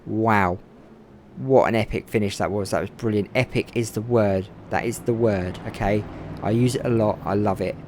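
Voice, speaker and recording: A man narrates a racing game's final laps from his home setup, growing more and more excitable as the lead changes hands. His voice has a gravelly, fry-touched texture, and faint hiss and car sounds sit behind him. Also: normal speed. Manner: excitable, voice climbing high at close moments. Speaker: game commentator. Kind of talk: excited race commentary over gameplay.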